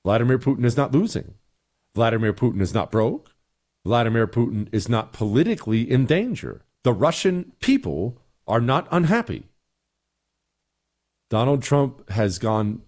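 A man's voice: mid-range voice, darkish tone. A middle-aged man hosting a talk show, giving blunt, exasperated opinions and answering listener emails. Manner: blunt, exasperated, mocking voices in quotes.

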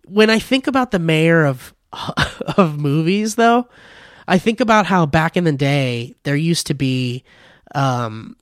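A man's voice: on the high side, lively intonation, takes it slowly, no room sound, clean studio sound. A man co-hosting a podcast in casual chat, rambling and swearing between laughs. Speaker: podcast co-host.

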